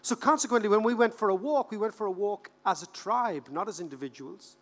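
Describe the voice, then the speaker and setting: An Irish man in his fifties giving a humorous conference keynote, animated and joking, repeating words for rhythm. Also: high-pitched, a little fast. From Ireland. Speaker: keynote speaker. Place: large conference hall. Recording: reverberant conference hall.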